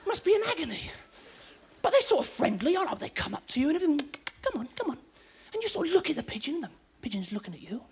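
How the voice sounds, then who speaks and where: A stand-up comedian, rambling excitably and laughing at their own jokes on a live TV stage. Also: female voice, high-pitched, rapid-fire. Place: live TV studio with audience. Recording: noisy live studio with loud crowd.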